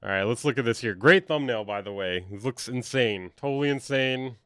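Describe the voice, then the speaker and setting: A young man talks through a casual livestream, blunt and sarcastic, swearing often as he picks apart online drama. His voice sits at an ordinary middle pitch. The sound is close and dry, with no room echo. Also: fairly quick, fairly bright tone, clean tone. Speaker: music producer streamer reacting to online drama.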